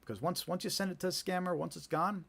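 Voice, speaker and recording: A man's voice: high-pitched, fast talker, gravelly, a bit bright. A man with a New Jersey accent hosting a live stream, talking in a chatty, conversational way with many fillers and repeated starts. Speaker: host of a scam awareness live stream. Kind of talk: casual live-stream chat.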